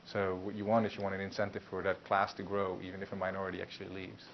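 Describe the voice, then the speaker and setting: A man's voice: sits low, completely flat delivery, fast. A man lecturing a university class in a loose, conversational way, with many fillers and restarts. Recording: muffled lecture recording with faint hiss.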